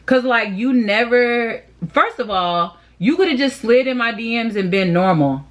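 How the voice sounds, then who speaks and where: A woman's voice: on the high side, measured pace, hardly any pauses. Sassy, venting young woman vlogger. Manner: animated, sassy, exasperated venting. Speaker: beauty vlogger. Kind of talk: casual storytime while doing makeup.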